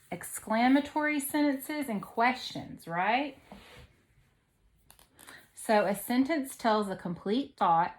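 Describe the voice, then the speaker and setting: A woman teaching a second grade grammar lesson. She explains step by step, reads example sentences aloud slowly and checks in often with "okay?". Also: medium pitch. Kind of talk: online grammar lesson for children.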